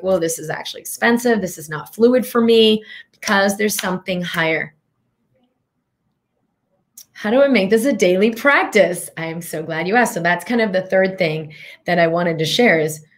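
A woman hosting a motivational health talk, earnest and coaching, guiding the listener through breathing questions. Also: medium pitch. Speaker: host, physician and healing coach.

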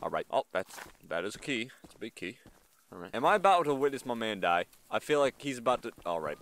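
A man hosting a gaming channel, giving excitable, chatty let's-play commentary and talking back to the characters in the game. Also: mid-range voice, fast talker, slight background noise.

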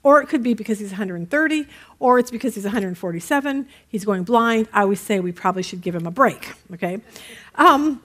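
A middle-aged woman with a slightly high voice teaches a Bible study class. She talks casually and warmly to her group, mixing in a joke now and then before reading the next verses aloud. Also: expressive, quick pace. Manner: chatty, tells jokes, reads scripture aloud.

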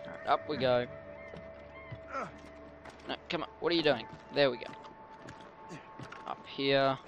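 A man's voice: mid-range voice, steady tone, a little slow, dull audio, background noise. A man giving casual, rambling commentary while playing a video game. He often gets tongue-tied and swears offhandedly. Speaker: let's play gamer.

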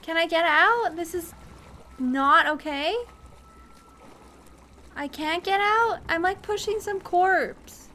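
A woman's voice: very high-pitched, slow, long pauses, bright, forceful tone, a little hiss or hum. A young woman streaming a horror game, reacting expressively with swearing and laughter. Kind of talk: gaming commentary.

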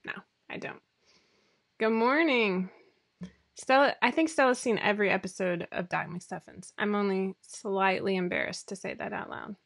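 A woman's voice: mid-range voice, normal speed, gravelly. A woman in her thirties hosting a casual livestream from home on a webcam, chatty and rambling with lots of fillers and self-deprecating asides. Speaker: sewing pattern designer hosting a weekly live show. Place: home room.

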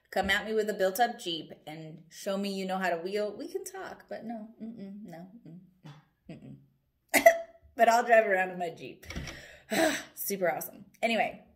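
Chatty young woman telling a story. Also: on the low side. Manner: rambling, animated, laughing storyteller. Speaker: vlogger. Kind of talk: casual storytelling vlog. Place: at home, indoors.

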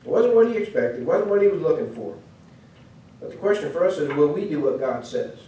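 A very animated, fairly quick man with a mellow voice on the high side preaches in a Midwestern American accent, with slight background noise. His sermon lesson is chatty storytelling with frequent asides, heard through a far-off mic in an echoey church hall.

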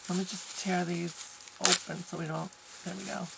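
A woman's voice: on the low side, flat delivery, normal speed, vocal fry, very noisy. A woman from the United States opening a package on camera, gushing with lots of exclamations. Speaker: crafting vlogger. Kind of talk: casual unboxing chat.

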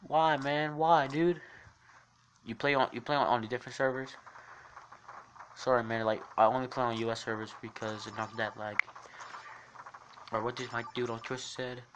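A man livestreaming a shooter game, rambling and swearing as he reads and answers his chat in a jokey, excitable way. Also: medium pitch, normal speed, pauses often, noisy background. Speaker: game streamer. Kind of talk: casual livestream commentary reading chat. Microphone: phone mic while gaming.

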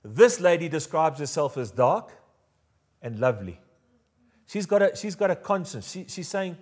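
South African male pastor, higher voice, lively and jokey sermon delivery with call-and-response. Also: moderate pace. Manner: animated and jokey, leads the congregation in call-and-response.

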